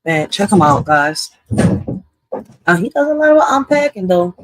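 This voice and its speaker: A loose, rambling reaction-video host from Puerto Rico who repeats phrases and keeps jumping between loud outbursts and quiet asides. The voice sits in a middle register. It is recorded close and dry, with no room sound. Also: mid-range voice, big pitch swings, measured pace, dry recording, low-quality recording. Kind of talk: casual commentary.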